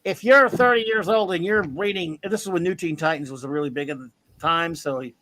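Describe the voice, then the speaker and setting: High-voiced blunt storytelling man in his fifties. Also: brisk, background noise. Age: 50s. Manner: rambling, blunt storyteller with crude humor. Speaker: podcast host. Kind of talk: casual chat.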